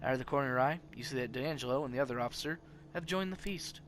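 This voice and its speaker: A man hosting a game let's play, reading its narration aloud with lively swings between loud and quiet. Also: medium pitch, racing, a little hiss or hum. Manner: animated reading with big swings in loudness.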